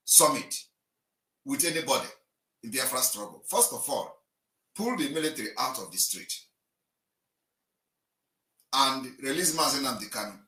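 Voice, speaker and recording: A man giving an impassioned political address, emphatic and declaiming, swinging between loud and quiet. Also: medium pitch, animated, moderate pace, pauses often. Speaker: livestream broadcaster. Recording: echoey room, distant mic.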